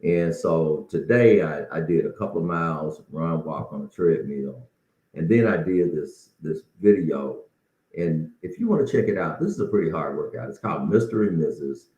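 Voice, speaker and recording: Very deep-voiced man, a bit winded. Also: animated, normal speed, warm tone. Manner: folksy and encouraging, with frequent restarts. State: slightly out of breath. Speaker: podcast host. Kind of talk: casual solo podcast talk. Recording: roomy, dull lo-fi sound.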